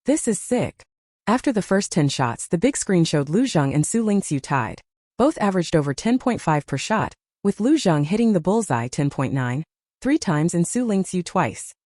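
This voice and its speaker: A woman reads a novel aloud as a scripted audiobook narration. Her voice sits low and mellow and moves freely up and down in pitch. The sound is close and dry, with no room around it. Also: very animated, moderate pace, no echo.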